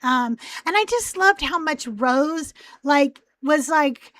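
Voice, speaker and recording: A woman's voice: sits high, animated, slow pace, fairly bright tone. A woman hosting a live call-in show, chatting casually in a rambling way with a youthful, teen-like voice. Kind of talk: casual live-stream chat.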